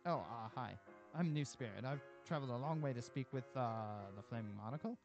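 A man's voice: mid-range voice, animated, darkish tone, highs cut off, soft background music, close to an everyday voice. A man voicing a timid young male job-seeker who speaks hesitantly. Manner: hesitant, halting.

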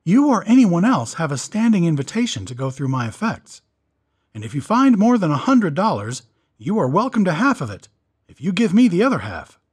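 A man voicing a scheming scholar who is politely, smoothly mocking. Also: sits high, very animated, brisk, a little mellow, voice pushed up, exaggerated voice. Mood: suave irony. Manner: mock-courteous, smoothly ironic.

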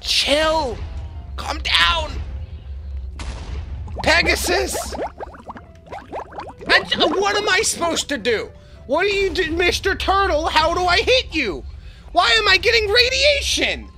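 A young man narrating and reacting to a survival game, excitable and profane, often yelling at the enemies he fights. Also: extremely high pitch, takes it slowly, vocal fry, pauses often, over music. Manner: excitable, swears, yells at the game. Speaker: gaming YouTuber. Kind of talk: narrated gameplay commentary.

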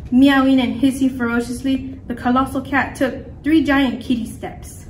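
A woman storyteller reading a picture book aloud in a lively, expressive way. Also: high voice, normal speed. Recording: echoey room, mic far off, faint noise.

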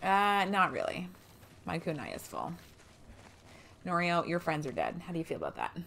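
A woman's voice: lowish voice, wildly swooping pitch, normal speed, vocal fry, a bit bright, slight background noise. A woman commenting live on her own gameplay, swearing often and sounding exasperated and sarcastic. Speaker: streamer. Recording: game music behind voice.

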